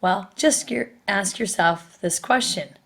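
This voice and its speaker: A woman's voice: mid-range voice, slow, vocal fry, fairly bright tone. A woman teaching a recorded spelling lesson, explaining each step patiently and asking her students questions.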